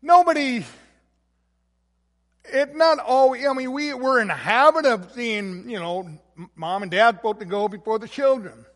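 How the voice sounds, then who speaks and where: High-voiced preaching man in an echoing hall. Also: normal speed. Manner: earnest preaching with fillers and restarts, varying loudness. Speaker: pastor. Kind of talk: sermon. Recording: long echo of a large hall.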